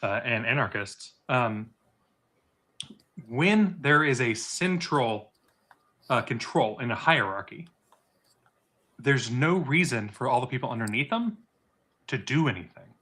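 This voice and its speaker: A man's voice: mid-range voice, animated, unhurried, pauses often, pushed and bright. A man co-hosting a casual discussion, conversational with fillers and the odd dry quip. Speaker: co-host.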